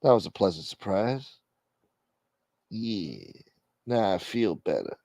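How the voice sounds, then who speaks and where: A man hosting a mock church livestream, brash and profane, dropping to a mumble and then bursting out loud. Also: sits low, big pitch swings, slow, creaky, no echo. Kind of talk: casual comedic livestream banter.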